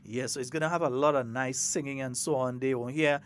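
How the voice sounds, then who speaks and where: A man's voice: mid-range voice, fairly even intonation, brisk. A man with a Grenadian accent hosting a casual morning radio talk show, chatty and playful, slipping between creole and standard English.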